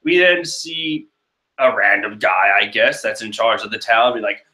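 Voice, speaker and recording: A man's voice: fairly low pitch, measured pace, pushed and bright. A young man chatting casually as he reacts to a comic, rambling and full of fillers. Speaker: manga reaction host. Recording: echoey room.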